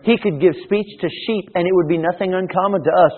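A man's voice: high voice, quick pace. A man preaching a sermon as pastor, swelling in volume at times and often restarting his phrases. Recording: tinny phone-like sound.

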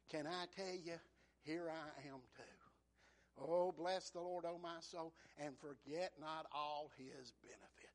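A man's voice: a little high, measured pace. A man preaching a sermon, folksy and conversational, retelling scripture as dialogue and asking the congregation for an amen.

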